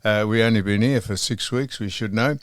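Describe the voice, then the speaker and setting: A man's voice: on the low side, a little fast, no room sound, studio quality. An older Australian man hosting a podcast in casual chat, rambling with many ums and restarts. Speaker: podcast host.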